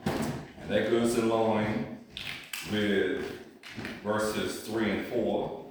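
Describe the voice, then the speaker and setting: Male preacher, low voice, repeats himself, quizzes the congregation, echoey room, mic at a distance. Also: fairly even intonation, drawn-out words, long pauses, background noise. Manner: repetitive, asks the congregation questions. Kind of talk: sermon.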